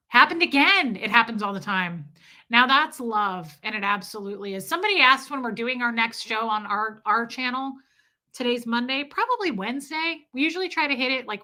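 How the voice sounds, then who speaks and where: A woman's voice: a little high, bright, forceful tone. A woman in her forties chatting casually and crudely with viewers on a live stream, telling candid stories about herself. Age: 40s.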